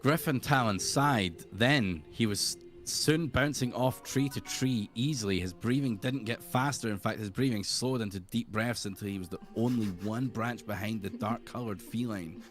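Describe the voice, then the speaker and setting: A man's voice: lowish voice, normal speed, hardly any pauses, faint music behind. A young man amusedly reading aloud his own old role-play narration, chuckling as he goes.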